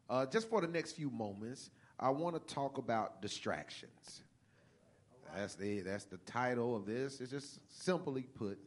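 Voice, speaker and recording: A man preaching a sermon, reading scripture slowly and then building to a fervent, rising cadence with repeated phrases. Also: mid-range voice, expressive.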